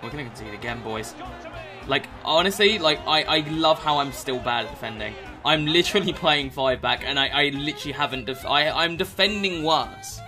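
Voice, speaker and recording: A young man giving gameplay commentary, swearing constantly and swinging from low muttering to outbursts. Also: animated, normal speed, pushed and bright, faint music behind. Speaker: gaming YouTuber.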